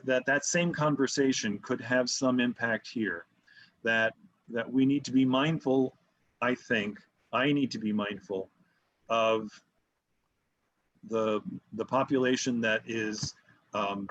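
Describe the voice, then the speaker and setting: A man on a community board speaking at an online meeting, hesitant, with many fillers and restarts. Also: mid-range voice. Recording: dull, muffled call audio.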